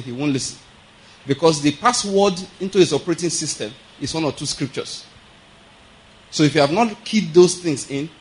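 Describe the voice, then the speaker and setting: Chuckling preacher. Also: male voice, on the high side, rough recording. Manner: conversational teaching with frequent check-ins and chuckles. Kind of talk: sermon.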